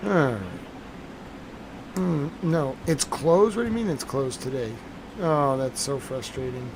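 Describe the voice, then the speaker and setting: A man's voice: mid-range voice, measured pace, noisy background. A tired man hosting a live stream, chatting casually and rambling to his viewers.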